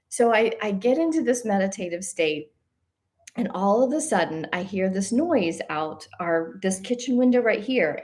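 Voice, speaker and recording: A woman hosting a spiritual talk show, telling a story at home in a casual, animated way, with many restarts and little laughs, sometimes dropping to a whisper. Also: mid-range voice. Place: at home on a couch by a window.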